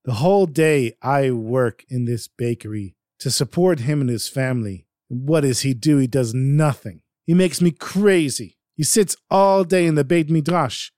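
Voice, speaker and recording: A man voicing a middle-aged male baker who scolds loudly and with exasperation. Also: mid-range voice, measured pace, hardly any pauses, no room sound, studio quality, natural voice. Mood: disgusted.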